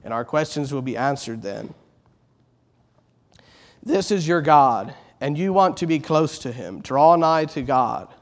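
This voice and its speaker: A middle-aged preacher delivers an earnest sermon in a high-ish, sing-song voice, a little slow and with frequent pauses. He repeats words to build momentum, rising loud on exalted phrases and softening on tender ones.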